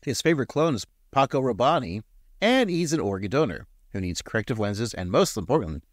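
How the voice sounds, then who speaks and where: A man's voice: mid-range voice, sing-song, a little fast, no room sound, studio quality. A man co-hosting a podcast, recapping an episode with teasing, sarcastic banter. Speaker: podcast co-host. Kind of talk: casual chat and episode recap.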